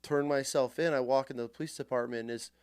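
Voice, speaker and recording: Animated storyteller man, dry close sound. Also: medium pitch, fast talker, clear, resonant tone, dry recording. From Texas. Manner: re-enacts arguments in heated quoted voices. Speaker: podcast guest.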